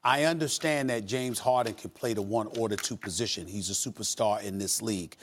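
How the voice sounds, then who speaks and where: A man's voice: on the low side, brisk, a little hiss or hum. Emphatic male sports debater. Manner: emphatic, repeats himself while building an argument.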